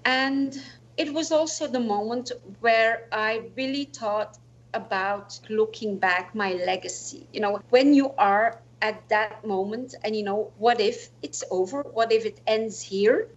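Soft-spoken woman telling a personal story. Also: on the high side, low-quality recording. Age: 40s. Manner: earnest, reflective, slightly non-native phrasing with "you know, like". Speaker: guest.

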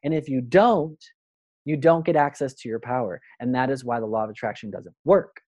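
An earnest man talks as a podcast guest about spiritual ideas. He gets animated and slips into little voices to make his points. His voice sits close and dry, with no room sound around it. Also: medium pitch, fairly quick, dry recording. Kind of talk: spiritual conversation.

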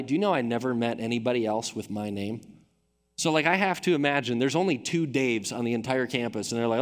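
A man in his thirties preaching a sermon, telling a personal story in a conversational way and dropping low and quiet for the voices he quotes. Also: clear, resonant tone, big-room sound. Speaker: pastor.

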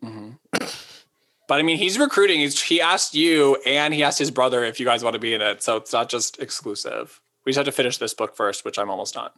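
A young man with a bright, forceful voice rambles through a casual chat, stacking "like" between quick asides. He sits in the middle for a man's pitch and talks easily as a co-host. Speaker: podcast co-host.

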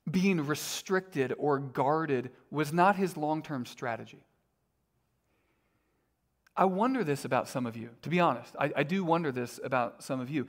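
Conversational pastor, slightly higher voice. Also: male voice. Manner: conversational, self-deprecating, frequent fillers. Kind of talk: sermon.

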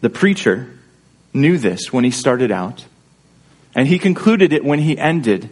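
A man's voice: mid-range voice, very animated, a little slow, a little mellow, breathy edge. A man pastor preaching a sermon in an earnest, conversational way, often checking in with his listeners through rhetorical questions.

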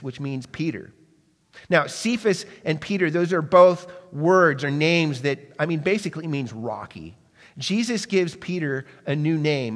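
A man's voice: a little high, big-room sound. A man preaching a sermon, asking the listeners questions and sometimes dropping his voice to a near-whisper. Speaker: pastor.

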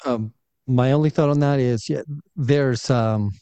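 A man in a casual Bible discussion, explaining scripture in a measured, thoughtful way. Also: medium pitch, fairly even intonation, mellow, smooth, dry recording.

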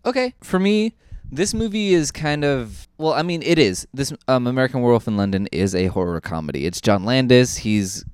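A man co-hosting a podcast, chatting casually about a horror film in a rambling, self-correcting, animated way. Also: medium pitch, brisk, clean tone, no echo, clean studio sound. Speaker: podcast co-host. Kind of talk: casual film review chat.

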